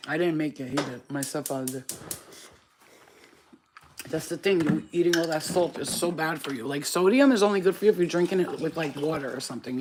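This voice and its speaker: A woman giving a casual spiritual pep talk to her viewers as a reader, blunt, profane and animated. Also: low voice, noisy background.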